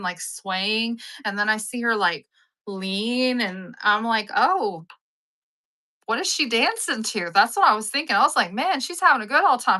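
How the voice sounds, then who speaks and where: A woman, hosting a live stream and chatting with viewers, rambling through stories and acting out the people in them. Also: on the high side. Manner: rambling, animated storyteller who acts out the people in her stories. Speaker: live-sale stream host. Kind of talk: casual chat with live viewers.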